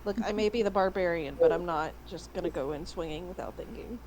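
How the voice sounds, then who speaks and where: Animated woman player at a tabletop game. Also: fairly low pitch, brisk, a little hiss or hum, rough recording.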